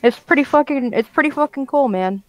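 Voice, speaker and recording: A woman's voice: sits high, animated, fairly quick. A woman guesting on a stream, talking bluntly and swearing, her words a bit thick from tobacco dip in her lip. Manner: blunt, profane, a bit mumbled. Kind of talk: casual stream chat.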